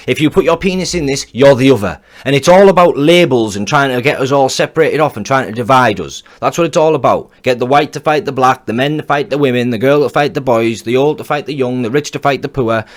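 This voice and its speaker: A man's voice: medium pitch, a little fast, few pauses. A man giving a heated, blunt reaction commentary, swearing and repeating himself as he rants.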